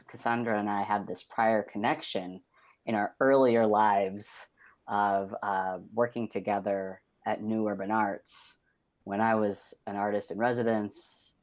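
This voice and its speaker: A man, an art teacher, appearing as a guest on a podcast over a video call. His voice is very low, and he talks in a chatty, enthusiastic way. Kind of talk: casual podcast conversation.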